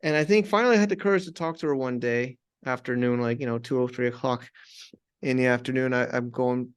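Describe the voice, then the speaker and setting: A man, a podcast guest, telling a personal story conversationally with many restarts and animated retellings. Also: mid-range voice, quick pace, smooth.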